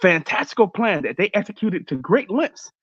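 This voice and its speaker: Man, animated host on an online panel, fairly high voice, dull dry call audio. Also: moderate pace, no room sound. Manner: animated, argumentative. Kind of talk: casual panel chat.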